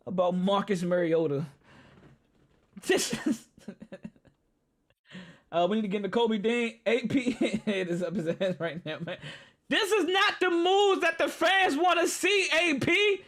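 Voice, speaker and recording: Dc guy on a live football reaction stream, really high bright voice, cussing and laughing a lot. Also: unhurried, creaky, pauses often. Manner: excitable, profane, laughing and ranting to viewers.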